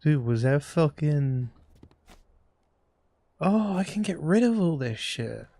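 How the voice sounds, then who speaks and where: Excitable, swearing man playing a game. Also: a little high, takes it slowly, gravelly, no room sound. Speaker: gaming youtuber. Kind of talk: horror game commentary.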